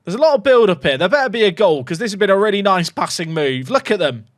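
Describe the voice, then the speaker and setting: A man commentating his own football management game, excitable and jokey, reacting loudly to goals. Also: high-pitched, fast talker, dry recording, clean studio sound. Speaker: gaming YouTuber.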